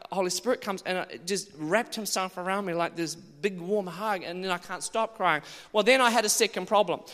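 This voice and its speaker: A man preaching a sermon, telling his own testimony in an animated way, moving from hushed passages to loud ones. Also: high-pitched. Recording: long church reverb.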